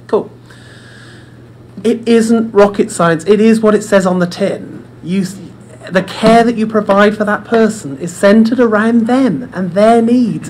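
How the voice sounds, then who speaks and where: Brief: forum presenter, conversational storyteller, middle pitch, faint room noise. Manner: chatty, repeats words, addresses audience directly. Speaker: speaker at a dementia care forum. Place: indoor room with audience.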